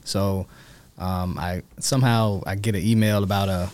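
In a casual interview, a male real estate agent tells his tale with animation, voicing the people he quotes in a heightened pitch. He sits low and moves at a moderate pace.

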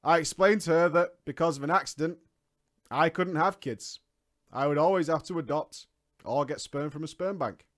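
A man's voice: a little high, normal speed. A man reading a story aloud and breaking into mocking asides, laughing often as he comments.

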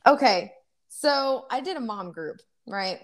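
Animated young woman telling stories. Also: fairly high pitch, takes it slowly. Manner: animated storytelling, acts out quoted voices. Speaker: podcast co-host. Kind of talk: casual chat.

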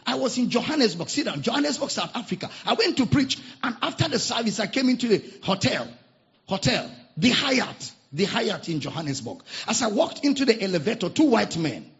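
A male pastor preaching a sermon, telling stories dramatically and swinging from shouts to hushed tones. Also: high voice, very animated, brisk, gravelly. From Nigeria. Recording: dull lo-fi sermon recording.

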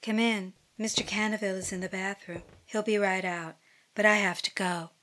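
An actress playing a polite young woman in a hurry, speaking briskly in a game. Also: mid-range voice, steady tone, a bit bright, close to an everyday voice. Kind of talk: game dialogue.

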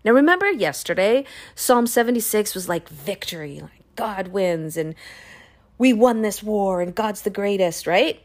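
A woman hosting a Bible podcast, retelling a chapter in a casual, animated way with playful, sassy asides. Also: medium pitch, unhurried. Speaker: podcast host reading and discussing the Bible.

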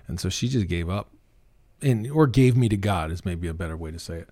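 A middle-aged Canadian preacher, appearing as a guest in a casual interview, tells his story earnestly and emphatically, sometimes quoting others. His low-pitched voice is warm, expressive and brisk, with no echo.

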